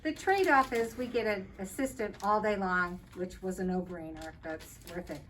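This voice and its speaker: A distant mic picks up faint noise as an older kindergarten teacher talks to parents. Her medium-pitched, fairly bright voice moves at a moderate pace, and she explains each step kindly while counting out loud.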